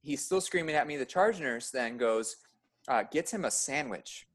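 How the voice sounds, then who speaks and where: He's an emergency room nurse chatting on a podcast, recounting stories with lots of energy and plenty of fillers. At a normal speed, his voice gets higher and louder whenever he gets worked up.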